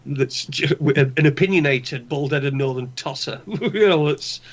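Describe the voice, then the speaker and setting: On the high side and a little slow, this man's voice carries a Northern English accent as he co-hosts a podcast. His casual chat turns into rants full of heavy swearing and strong opinions, captured with dull lo-fi sound.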